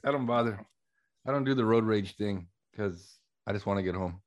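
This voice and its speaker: A man on a casual podcast chat who teases dryly and speaks in a low-key way. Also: brisk. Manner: low-key, dry teasing. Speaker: podcast guest, truck driver.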